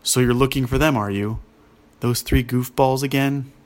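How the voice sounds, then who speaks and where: A man's voice: mid-range voice, steady tone, normal speed, close to an everyday voice. A man voicing a hearty, jovial female dwarf at a mining camp in a children's story.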